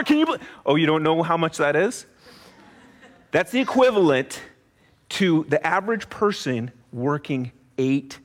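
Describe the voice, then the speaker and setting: Male preacher, animated storytelling sermon, quizzes the crowd, high-pitched, reverberant church hall. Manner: playful, asks the audience questions, acts out voices. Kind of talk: animated sermon to a family audience.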